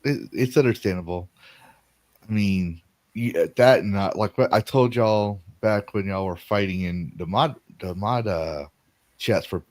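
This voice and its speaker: A man with a fairly low voice hosts a loose, chatty livestream and rambles from one story to the next. He reads out viewer donations as they come in. The sound is dry and close, with no room around it. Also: a little slow, a little mellow, no echo. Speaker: stream host. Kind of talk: casual livestream chat.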